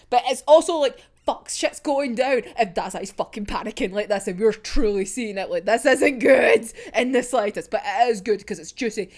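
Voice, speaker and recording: A woman's voice: sits high, normal speed. A young woman reacting to a manga chapter in casual, sweary talk, laughing often. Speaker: manga reaction video host.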